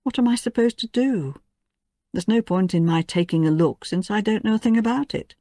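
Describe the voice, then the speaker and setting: A woman's voice: medium pitch, normal speed, warm tone, dry recording, clean studio sound, pitched above the performer's own voice, lightly acted. Woman voicing a frightened, tearful widow. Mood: despairing. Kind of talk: audiobook character voice.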